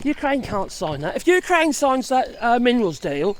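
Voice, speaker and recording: A man's voice: extremely high pitch, sing-song, moderate pace, noisy background. A middle-aged man chatting casually and sarcastically on a dog walk outdoors, full of exclamations. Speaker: channel host. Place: outdoors walking dogs.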